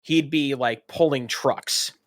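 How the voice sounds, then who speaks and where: A man's voice: mid-range voice, slow pace, dry recording, clean studio sound. A man narrating as game master of a tabletop game, describing scenes in a rambling way with many fillers.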